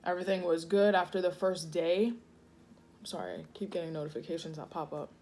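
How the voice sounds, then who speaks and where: A woman's voice: fairly low pitch, a little fast, warm tone. Chatty woman rambling over a meal. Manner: chatty, rambling, many fillers. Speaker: food vlogger. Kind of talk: casual eating vlog chat. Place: home kitchen.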